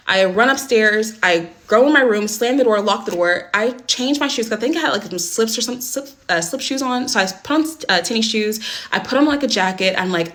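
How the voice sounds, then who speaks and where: A young woman recounts a personal story straight to camera in casual storytime fashion. Her voice sits at a middle pitch, and she is blunt and swears freely. She rushes her words and gets animated whenever the story upsets her.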